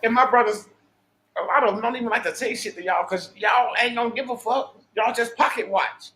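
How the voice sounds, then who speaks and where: Streamer, male, high-pitched, profane preachy monologue. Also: a little fast, pushed and bright. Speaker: livestream host. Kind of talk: unscripted livestream monologue.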